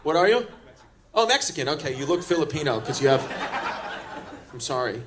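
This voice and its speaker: A man doing stand-up, brashly teasing audience members in rapid-fire crowd work. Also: fairly high pitch, very animated, heavy background noise. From Queens, New York. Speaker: stand-up comedian. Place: comedy club stage. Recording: comedy club with loud laughing crowd.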